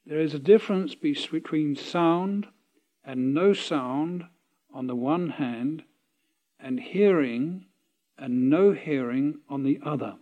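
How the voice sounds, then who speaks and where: A man reading aloud the lines of a calm old male spiritual teacher, asking measured, probing questions at a slow pace. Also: a little high, lo-fi sound. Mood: explaining.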